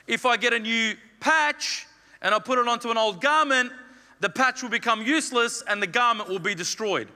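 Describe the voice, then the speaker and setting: High, bright pastor preaching. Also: male voice, normal speed. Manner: emphatic, repeats phrases, acts out quoted lines. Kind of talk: sermon. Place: church hall. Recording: long reverb of a church hall.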